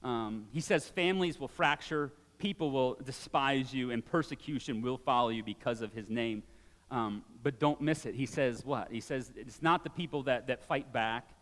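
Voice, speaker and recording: A man in his forties preaching a sermon in a church, conversational and animated, with casual asides. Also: medium pitch, moderate pace, long reverb tail. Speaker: pastor. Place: church sanctuary.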